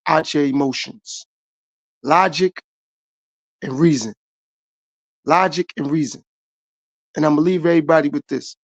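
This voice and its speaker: A man's voice: fairly high pitch, gravelly, no echo, muffled recording. A man hosting his own podcast, giving a repetitive motivational monologue straight to his viewers. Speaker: podcast host.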